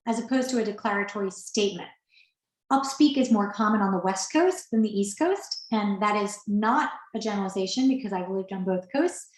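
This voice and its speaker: A woman leads an online professional skills workshop in a conversational, coaching manner. Her voice sits slightly high. The sound carries a noticeable room echo. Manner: conversational, coaching, answers chat questions. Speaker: workshop presenter.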